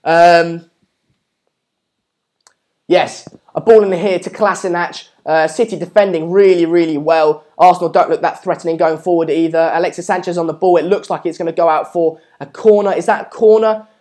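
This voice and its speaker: A young man hosts a live football watchalong, commentating on the play, reading viewer comments aloud, and urging people to subscribe. His voice is on the high side and a little mellow, with fairly even intonation at a normal pace, and his chatty talk is full of ums.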